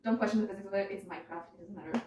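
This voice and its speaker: A woman's voice: medium pitch, very fast, darkish tone, slight background noise. A young woman giving a chatty, rambling presentation to her family, swearing and laughing as she explains. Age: young adult. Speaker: student presenter. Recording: very echoey room, far from mic.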